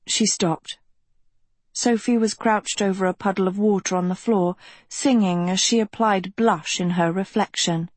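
A woman narrating a fantasy story aloud in a dramatic, measured storytelling manner. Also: medium pitch, fairly even intonation, a little mellow, no room sound. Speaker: audiobook narrator. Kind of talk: scripted narration.

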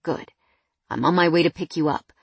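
A woman narrator puts on a deep-voiced, self-assured fiancé from an audiobook romance, who teases and gives orders. The voice is low, a little breathy and close, with no room sound at all. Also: moderate pace, dry recording. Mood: teasing. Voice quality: deep, teasing and commanding.

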